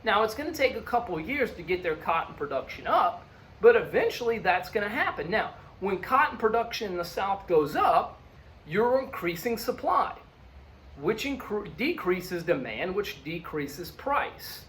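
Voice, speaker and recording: A man's voice: high-pitched, big pitch swings, normal speed, fairly bright tone, a little hiss or hum. A male history teacher lecturing in a conversational way, checking in with the class often. His voice swings widely and animatedly, rising and falling as he stresses points. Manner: conversational, frequent "okay?" and "look" check-ins.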